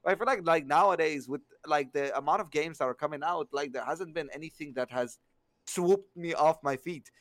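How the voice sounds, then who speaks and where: A man's voice: fairly high pitch, fairly quick, a bit bright, dry recording. Rambling young man, dry close sound. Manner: rambling, hesitant, lots of "like". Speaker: podcast co-host. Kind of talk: casual chat.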